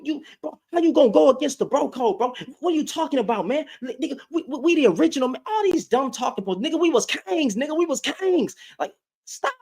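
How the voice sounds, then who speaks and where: A whiny, wounded guy who wails in a high, thin, cracking voice, swooping up and down as he fake-sobs over being called out, as a man mocks him. His pitch leaps even higher than his usual already-high talk, and his words tumble out in an overdramatic half-cry. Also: creaky, full character voice. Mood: whiny protest. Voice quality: high, whining, half-crying. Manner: mocking, overdramatic, sobbing through laughs.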